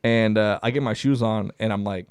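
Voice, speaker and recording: A man's voice: on the low side, steady tone, normal speed, a little mellow, smooth, no room sound. Swearing young man telling a story. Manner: profane, laughs through his own story. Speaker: podcast co-host. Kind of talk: casual comic storytelling.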